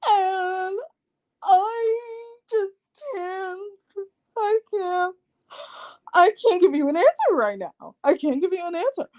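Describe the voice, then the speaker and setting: A woman's voice: sits high, takes it slowly, a little mellow, dry recording, pitched above the performer's own voice. A woman doing a mocking impression of a tearful young woman who whines and pleads that nothing is her fault. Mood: whiny, tearful. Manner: sobbing, self-pitying, dramatic.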